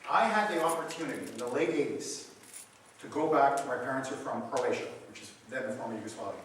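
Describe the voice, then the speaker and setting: A man's voice: mid-range voice, fast, fairly bright tone, slight background noise. A man, a radio talk show host, answering audience questions at a seminar with passionate, preachy storytelling. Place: large meeting room. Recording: echoey hall, recorded from far off.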